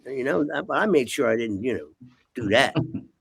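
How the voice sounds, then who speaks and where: A man's voice: medium pitch, animated, fairly quick, creaky, husky. An older man, a guest, telling rambling, profane stories in casual talk and punctuating them with "okay?". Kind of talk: casual storytelling.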